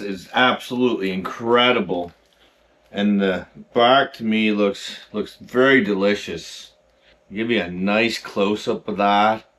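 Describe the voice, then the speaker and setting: A man hosting a home cooking video, talking through each step and admiring the food with drawn-out, excited exclamations. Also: lowish voice. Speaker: cooking channel host. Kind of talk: cooking vlog narration.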